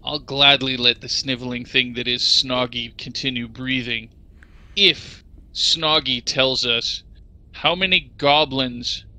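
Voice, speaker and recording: Male player, very bright sharp tone, measured calm delivery. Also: mid-range voice, poor audio. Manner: measured, calm in-character threats. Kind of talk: playing a tabletop game.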